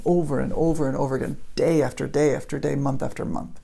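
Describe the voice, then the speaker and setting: Gravelly man telling a motivational story. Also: medium pitch, flat delivery, quick pace, few pauses, dark tone. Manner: casual, repetitive phrasing, builds with repeated lines. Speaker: motivational speaker.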